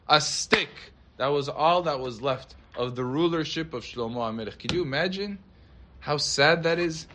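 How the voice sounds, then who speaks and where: Rabbi, dramatic storyteller, fairly high voice, acts out the quotes. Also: male voice, normal speed, pushed and bright, a little hiss or hum. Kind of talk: storytelling sermon.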